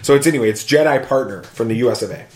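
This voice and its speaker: Male podcast host, mid-pitched, animated reader of fan mail, echoey room. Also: very fast. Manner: animated, whoops and jokes while reading aloud. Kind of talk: casual chat, reading listener reviews.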